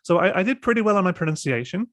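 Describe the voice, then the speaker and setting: A British man with a fairly high-pitched voice hosts a webinar over a video call, hesitating often and restarting his sentences. The sound is dry and close, with no room echo. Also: expressive, racing, a bit bright. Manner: hesitant, many fillers and restarts. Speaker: host. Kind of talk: webinar discussion and demo.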